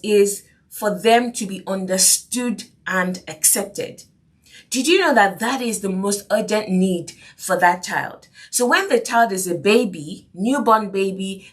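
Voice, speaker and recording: A woman hosting a faith-based parenting podcast, earnest and repetitive, often asking if you see what she means. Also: medium pitch. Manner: earnest, repeats key phrases, asks "do you see what I mean?". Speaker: podcast host.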